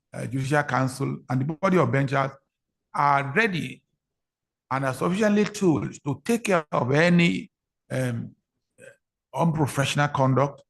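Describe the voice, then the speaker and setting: Gravelly-voiced Nigerian man giving a formal address. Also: a little high, fairly bright tone. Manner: formal, deferential, repeats key phrases for emphasis. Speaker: senior lawyer giving an address. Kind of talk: formal ceremonial speech. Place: courtroom ceremony.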